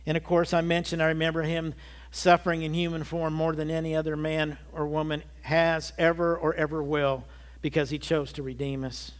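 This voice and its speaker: A man's voice: on the high side, little pitch movement, moderate pace. A man in his early sixties preaching a sermon, giving an earnest personal testimony that builds to emphatic peaks. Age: 60s. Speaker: pastor.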